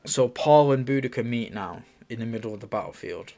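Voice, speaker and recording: A screenwriter casually reading through his own screenplay and commenting on it in a relaxed, musing way. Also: mid-range voice, brisk.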